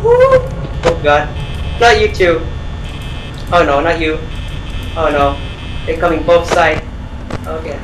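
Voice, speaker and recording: A man's voice: on the high side, fairly even intonation, takes it slowly, long pauses. A man commenting nervously on a horror game as he plays it, pleading with the game and its characters. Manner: anxious, pleading, talks to the game. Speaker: gaming YouTuber. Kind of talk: frightened let's-play commentary. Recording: echoey room from far off with noise.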